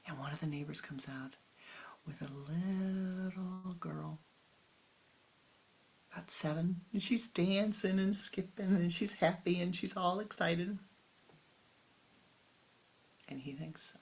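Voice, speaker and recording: A woman spiritual teacher telling a parable in a calm, soft-spoken way that often drops close to a whisper. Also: on the low side, measured pace, creaky, husky, low-quality recording. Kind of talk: storytelling sermon.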